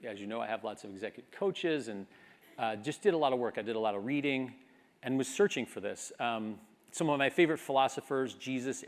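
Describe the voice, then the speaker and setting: A man in his fifties giving a graduation speech, earnest and reflective, building to a rousing call. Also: medium pitch. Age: 50s. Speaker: commencement speaker.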